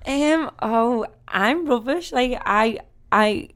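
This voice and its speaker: A woman with a slightly high voice chats on a podcast, giggling through her stories. She is quick to make fun of herself. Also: fairly bright tone. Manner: giggly, self-deprecating storyteller. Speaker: podcast co-host. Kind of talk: casual chat.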